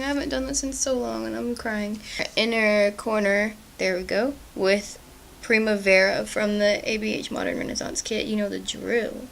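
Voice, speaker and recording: Young woman beauty vlogger, chatty and apologetic, vocal fry, mid pitch. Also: slight background noise, low-quality recording. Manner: chatty, self-deprecating, apologetic. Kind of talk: casual makeup tutorial chat.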